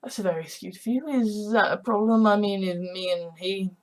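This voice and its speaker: A woman's voice: mid-range voice, normal speed, darkish tone, distant mic, close to an everyday voice. A woman voicing a blunt young woman with a teasing manner.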